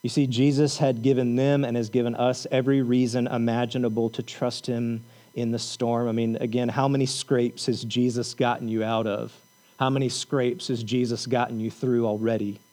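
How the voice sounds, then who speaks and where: A man preaching a sermon, repeating lines for emphasis and telling the story with animated energy. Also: mid-range voice, moderate pace, low-quality recording. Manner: repetitive, emphatic preaching with rising intensity. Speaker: pastor.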